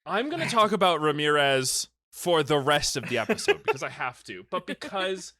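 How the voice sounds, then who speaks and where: Podcast co-host, bright lively male voice, dry close sound, animated storyteller. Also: on the high side, moderate pace. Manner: animated storyteller, swears freely, acts out quotes. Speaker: podcast co-host retelling a film. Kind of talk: casual chat.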